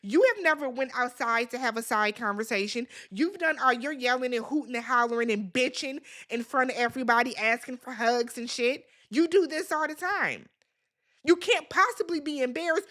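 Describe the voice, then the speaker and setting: Speaking at a moderate pace in a high, fairly bright voice, this TV recap host casually goes over a reality show, addressing viewers and the cast directly and scolding them with blunt, sassy profanity.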